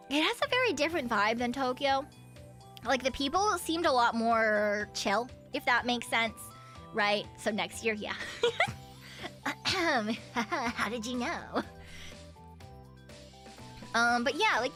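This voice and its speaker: A woman's voice: sits high, lively intonation, measured pace, pauses often, pushed and bright, faint music behind. A woman streamer chatting casually, giggling often and rambling with lots of fillers and self-corrections. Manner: giggly, laughs often between sentences. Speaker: VTuber streamer.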